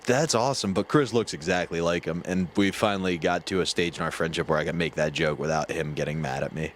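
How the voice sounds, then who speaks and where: A man's voice: sits low, quick pace, a little hiss or hum. A male podcast co-host in casual comedic banter, joking and teasing. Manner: joking, teasing, throws in silly voices.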